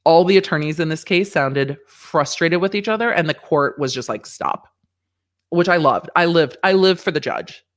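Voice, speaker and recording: A woman's voice: sits low, normal speed, few pauses. A woman lawyer giving casual, candid livestream commentary on a court hearing, reading viewer questions aloud and swearing freely. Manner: candid, profane, reads chat questions aloud.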